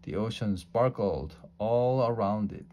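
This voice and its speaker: A man reading a children's storybook aloud in a slow, deliberate way, with small slips. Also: lowish voice, dark tone. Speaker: storybook reader.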